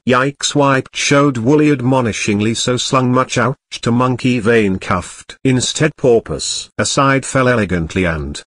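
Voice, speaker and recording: A man's voice: mid-range voice, a bit bright, no echo. A man reading rambling word-salad narration mixed with a picture-book rhyme in a sing-song way.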